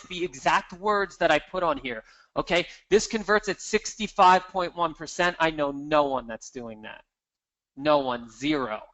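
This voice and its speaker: A man giving an energetic, emphatic marketing seminar, walking the audience through slides. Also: a little high, poor audio. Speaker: marketing presenter.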